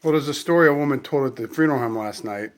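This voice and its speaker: A man casually telling family stories at a funeral luncheon, relaxed and acting out the lines he quotes. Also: mid-range voice, racing. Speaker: family member sharing memories.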